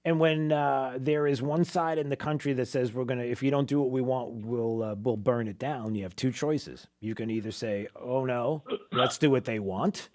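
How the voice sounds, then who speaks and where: A man's voice: mid-range voice, normal speed, few pauses, darkish tone. A man hosting a talk radio show, rambling and laughing, often breaking off mid-sentence.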